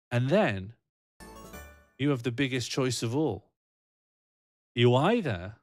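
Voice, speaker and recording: A man's voice: on the high side, dry recording, studio quality. A man rambling and joking on a casual livestream, answering his chat and laughing often.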